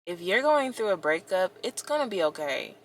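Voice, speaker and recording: A young woman telling her breakup story and giving advice in a casual, expressive vlog, talking straight to viewers with lots of "like"s. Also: fairly low pitch, moderate pace. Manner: expressive, talks to viewers directly, many "like"s. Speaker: vlogger.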